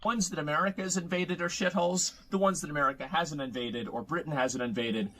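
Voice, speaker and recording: A man in a played clip giving opinionated commentary in a measured, lecturing way. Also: on the high side, steady tone, fairly bright tone, slight background noise, rough recording.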